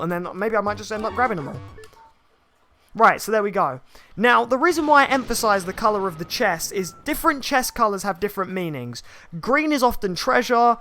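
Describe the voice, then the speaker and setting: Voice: mid-range voice, a bit bright, slight background noise. A game streamer, giving casual live gameplay commentary, explaining and greeting viewers in chat.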